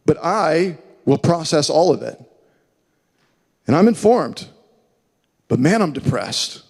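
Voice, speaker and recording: A man preaching a sermon, earnest and emphatic, slowing down and dropping to a hush when he quotes scripture. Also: fairly high pitch, big pitch swings, gravelly, breathy edge. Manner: earnest, emphatic preaching with slow dramatic drops to hushed quotes. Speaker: pastor. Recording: long hall reverb.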